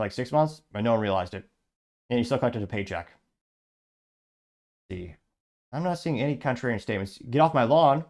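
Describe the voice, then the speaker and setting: A man's voice: medium pitch, a little mellow. Man reading and mocking online comments. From Illinois. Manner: rambling, sarcastic, frequent restarts. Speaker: show host. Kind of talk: reading and commenting on social media posts.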